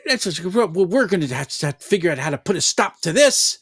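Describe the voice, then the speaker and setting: A man's voice: sing-song, fairly quick, fairly bright tone, breathy edge, no echo, studio quality, full character voice. A man voicing an indignant middle-aged woman baker who is outraged about a loan. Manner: shrill, indignant.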